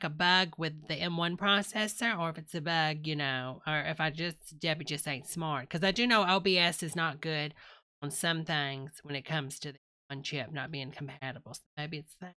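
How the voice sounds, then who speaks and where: A woman's voice: on the low side, sharp tone. A woman hosting a comic livestream in character, chatting and rambling to viewers, calling them honey and y'all in a drawling way. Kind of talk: rambling comedic live stream chat.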